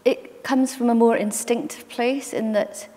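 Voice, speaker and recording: A woman's voice: on the high side, unhurried. A woman author in an onstage library conversation, talking in a chatty, anecdotal way. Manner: chatty, anecdotal, lively asides. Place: library event hall. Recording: long reverb from a hall.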